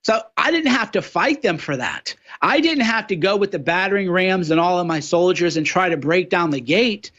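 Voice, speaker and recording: High-voiced man mocking his critics. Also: animated, moderate pace, few pauses, fairly bright tone, dull audio. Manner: mocking, slips into sneering impressions of opponents. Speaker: radio show guest host. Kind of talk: political talk show monologue.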